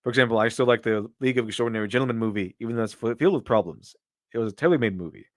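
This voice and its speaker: A man's voice: mid-range voice, rapid-fire, no echo, clean studio sound. A man doing casual live-stream commentary and answering viewer donations, with rambling, opinionated talk full of restarts.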